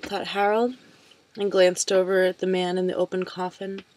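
A woman calmly reading a novel aloud, unhurried, sometimes dropping to a soft whisper. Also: on the low side, poor audio. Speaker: reader.

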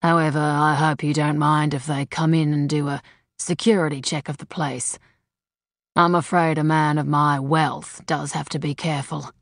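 A woman voicing a wealthy, predatory man who speaks in a slow, low, smug drawl in an audiobook. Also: level tone, creaky, no room sound, clean studio sound. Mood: smug, leering. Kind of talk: audiobook character voice.

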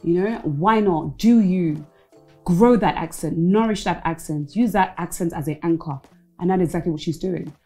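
A woman's voice: fairly low pitch, moderate pace, warm tone, faint music behind, poor audio. A woman, a former reality show contestant, talking frankly in a casual interview and slipping Igbo phrases into her English.

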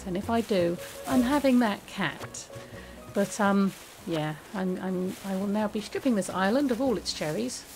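A woman chatting casually while playing a game, with many restarts and a soft, hesitant way of talking. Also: medium pitch, poor audio. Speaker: gaming video creator. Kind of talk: casual gameplay commentary.

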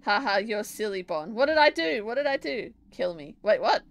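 A woman's voice: medium pitch, very animated, moderate pace, creaky. A young woman with an Australian accent, chatting casually and giggling as she streams from home, answering her chat while she plays and draws.

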